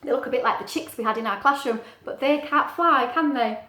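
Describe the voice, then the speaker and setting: Gentle yet animated, this middle-aged teacher reads a picture book to kids at a fairly quick pace, her voice sitting high. She poses questions to the listener, and the recording has an echoey room sound.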